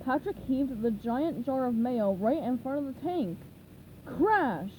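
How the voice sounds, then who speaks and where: A woman reading a children's novelization aloud in slow, measured storytelling. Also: sits high, animated, narrow, tinny audio, slight background noise. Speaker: reader.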